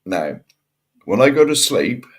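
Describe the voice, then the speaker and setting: A man's voice: medium pitch, very animated, measured pace. A man, co-hosting a podcast in casual chat, emphatic and jokey with lots of "yeah". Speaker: podcast co-host.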